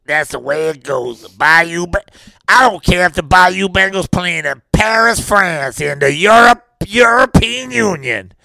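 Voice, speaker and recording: A man doing a gravelly football coach. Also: sits high, lively intonation, unhurried, dry recording, full character voice. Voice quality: gravelly, raspy. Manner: brash, boastful, rambling with bursts of shouting. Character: gravelly Cajun football coach, brash and rowdy. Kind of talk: comedic impression in a mock interview.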